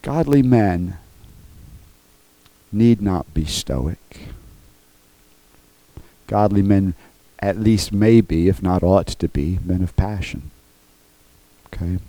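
A male pastor delivers a sermon in a low, mellow voice that stays earnest and emphatic. He keeps checking in with his congregation between points. The sound is dry and close. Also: slow, pauses often, no room sound, rough recording.

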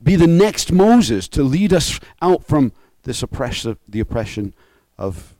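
A man's voice: fairly high pitch, very animated, measured pace, warm tone, dry recording, voice pushed up. A man voicing an earnest male disciple who is hoping for a leader to free his people, within a sermon. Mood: hopeful.

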